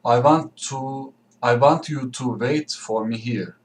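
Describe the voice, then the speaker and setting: A man's voice: mid-range voice, slow pace, natural voice. A man reading aloud, voicing an impatient young businessman who speaks urgently and insistently.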